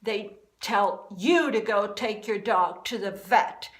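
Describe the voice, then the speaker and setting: Slow, furious woman ranting. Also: medium pitch, rough recording. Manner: furious, repeating herself, emphatic. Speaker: vlogger. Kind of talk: angry rant to camera.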